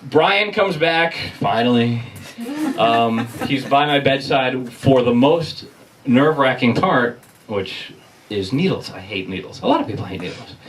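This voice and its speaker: A man doing stand-up at a bar comedy night, telling a story in a profane, animated and self-mocking way. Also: mid-range voice, unhurried, a little hiss or hum. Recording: distant mic with crowd laughter. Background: audience laughter.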